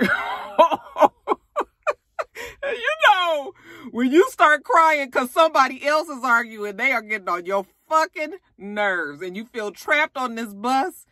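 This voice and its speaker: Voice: mid-range voice, sharp tone, dry recording, clean studio sound. A YouTube host giving a casual, profane recap of a reality show, talking candidly to viewers. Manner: candid, blunt and profane, chatty asides to viewers.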